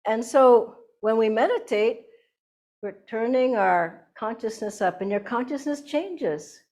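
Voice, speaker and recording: With a voice on the high side and a slightly slow delivery, an older spiritual teacher shares lively anecdotes during an inspirational satsang talk, frequently breaking into laughter.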